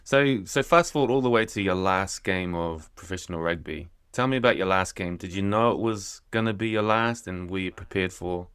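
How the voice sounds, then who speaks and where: Low-voiced New Zealand man hosting. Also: a little fast, few pauses, smooth, no echo, studio quality. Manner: relaxed, uses Kiwi slang like "bro" and "eh". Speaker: podcast host. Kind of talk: casual conversational interview.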